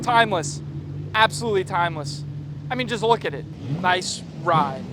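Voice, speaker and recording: A young man with a high, light voice gives quick, playful commentary as he walks among exotic cars, joking and hyping each one. He's recorded on a handheld camera outdoors, with faint street noise behind him. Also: expressive. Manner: playful, rattles off car models, hypes and jokes. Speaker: car-spotting vlogger. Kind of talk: excited car-spotting commentary. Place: outdoors at a car meet and inside a dealership.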